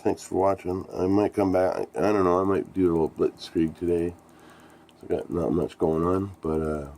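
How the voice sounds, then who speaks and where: A middle-aged man with an extremely low, dark, mellow voice tells a band story in a casual vlog. He rambles, swears often and sounds thrilled by what happened. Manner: rambling, profane, enthusiastic storyteller. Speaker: musician telling a band story.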